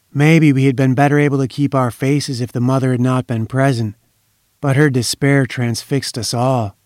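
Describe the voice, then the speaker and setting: A man reading a story aloud in a measured, solemn narration. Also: medium pitch, darkish tone, no room sound, clean studio sound.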